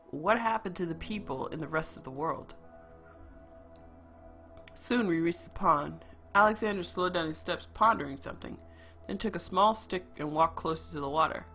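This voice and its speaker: A game streamer reading a story game's narration aloud, with quick asides of their own. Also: mid-range voice, sharp tone.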